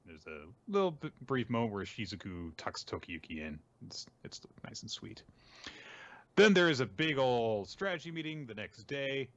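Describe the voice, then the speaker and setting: A man hosting a casual podcast, recapping comics with a relaxed, chatty manner, lots of fillers and laughs. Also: mid-range voice, normal speed, dry recording, muffled recording. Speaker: podcast host. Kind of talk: casual chat recapping manga.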